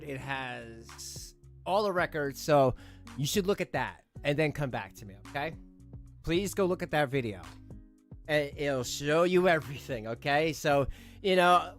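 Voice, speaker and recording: A man's voice: fairly high pitch, fairly bright tone. A man doing reaction commentary, mocking and scornful, often breaking into laughter. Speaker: commentary streamer.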